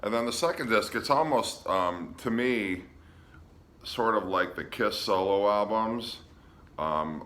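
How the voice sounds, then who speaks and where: Low-voiced guy chatting about his records, lots of ums, crisp bright tone, little hiss in the room. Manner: relaxed, hesitant with frequent ums. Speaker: vinyl collector showing records. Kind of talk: casual show-and-tell vlog.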